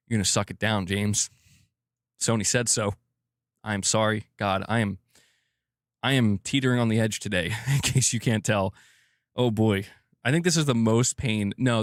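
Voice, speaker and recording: A man's voice: fairly low pitch, no room sound, studio quality. A man hosting a live stream, chatting casually and bluntly, swearing and laughing a lot while reading viewer comments. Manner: blunt, profane, laughs often.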